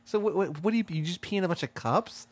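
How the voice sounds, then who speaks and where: Male podcast host, casual and teasing, murmurs low when setting up a spooky scenario. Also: fast talker, no room sound. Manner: spins a hypothetical, drops to a murmur when setting scenes.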